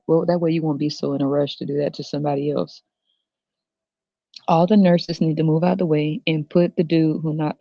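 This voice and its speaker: In a dull, dry, lo-fi recording, a woman with a deep, creaky, warm voice hosts a podcast. She rants through a casual monologue, blunt, crude and mocking, laughing often.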